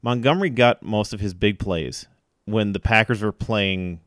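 A man co-hosting a casual sports podcast, giving blunt, quick, opinionated football analysis. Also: fairly low pitch, a bit bright, no echo, studio quality. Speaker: podcast co-host.

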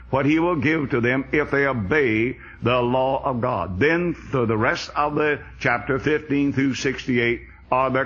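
Husky-voiced man preaching a sermon. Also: mid-range voice, fairly bright tone. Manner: earnest expository preaching. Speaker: Bible teacher. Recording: dull lo-fi recording.

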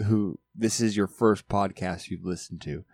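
Podcast co-host, man, low voice, easygoing, close dry mic. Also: steady tone, measured pace, creaky, darkish tone, no echo. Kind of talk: casual podcast chat.

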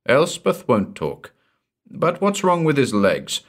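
A man's voice: mid-range voice, wildly swooping pitch, slow pace, voice pushed up, heavily acted. A man reading the part of an old, dour and loyal manservant in a storybook. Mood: earnest.

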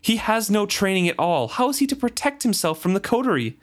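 A man's voice: fairly high pitch, animated, moderate pace, pitched above the performer's own voice, close to an everyday voice. A man reading aloud and voicing a stern, exasperated old woman from a fantasy novel. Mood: disgusted. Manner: exasperated scolding.

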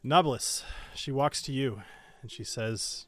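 A man narrating as game master in a tabletop game, relaxed with laughing asides. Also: medium pitch, measured pace.

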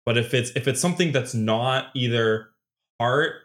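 A man's voice: medium pitch, moderate pace, a bit bright. Rambling young man, casual chat. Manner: rambling, filler-heavy, laughs often, acts out quotes.

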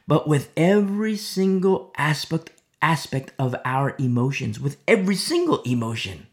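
A man preaching a sermon as pastor, swinging between loud emphatic lines and hushed near-whispers. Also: a little high, sing-song, moderate pace, few pauses. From America.

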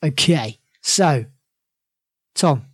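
A woman's voice: sits low, animated, very slow, breathy edge, no echo, studio quality. A woman hosting a casual podcast quiz in a playful, giggly way. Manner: playful, giggly, announces results. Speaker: podcast host running a quiz. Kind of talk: casual chat.

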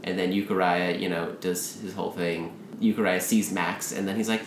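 A man in casual chat who rambles through a story pitch and acts out the characters' lines in quick asides. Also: flat delivery, echoey room, slight background noise.

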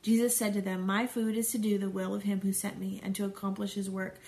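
Gravelly-voiced woman teaching scripture. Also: mid-range voice, flat delivery, fairly quick, warm tone. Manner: conversational, chatty asides between readings. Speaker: Bible study teacher. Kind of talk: scripture reading with casual commentary.

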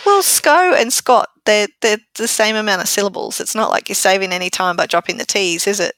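A woman's voice: medium pitch, steady tone, fast talker, fairly bright tone, dry recording. A woman co-hosting a podcast, chatting casually with a teasing manner and frequent laughter. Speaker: podcast co-host. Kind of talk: casual chat.

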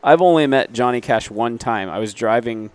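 A man's voice: mid-range voice, moderate pace, clean tone, no echo. A man, a business owner, telling stories in a casual interview, rambling with frequent fillers and self-corrections. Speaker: guest, reclaimed wood business owner.

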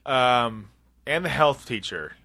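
Man joking and rambling, very animated. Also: mid-range voice, takes it slowly, creaky, dry recording. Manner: rambling, joking, laughs often. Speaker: podcast co-host. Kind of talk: casual chat.

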